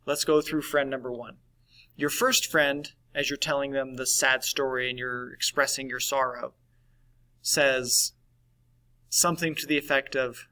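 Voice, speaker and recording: A man's voice: mid-range voice, steady tone, unhurried, sharp tone, rough recording. A man teaching a recorded lesson in a conversational way, often checking in with "right?". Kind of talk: recorded class lesson on validation.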